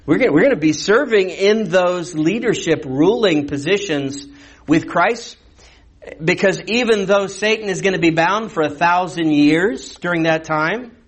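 Conversational male pastor, slightly high voice. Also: expressive, slightly rough. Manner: conversational, rhetorical questions, slows for emphasis. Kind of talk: expository sermon.

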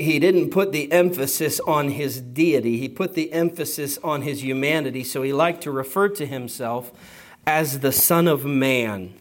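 Slow, emphatic male preacher. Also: fairly high pitch. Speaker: pastor. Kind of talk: sermon.

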